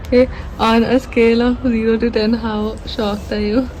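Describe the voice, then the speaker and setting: A woman's voice: a little high, little pitch movement, moderate pace, a little mellow. A young woman, casually and animatedly telling a friend a story, laughing and slipping into Hindi. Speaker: vlogger. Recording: echoey room with faint ambient noise.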